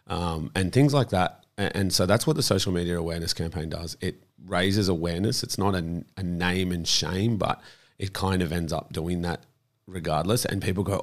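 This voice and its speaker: A man's voice: deep voice, normal speed. A man, talking earnestly in an interview about a campaign he runs and often repeating words as he thinks. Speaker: child protection campaigner, guest. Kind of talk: conversational interview.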